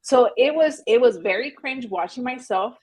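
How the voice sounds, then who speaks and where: A woman's voice: a little high, lively intonation, darkish tone, breathy edge, rough recording. A young adult woman, a real estate agent, talking candidly and earnestly as a podcast guest. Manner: earnest, candid, talks fast. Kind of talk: podcast interview.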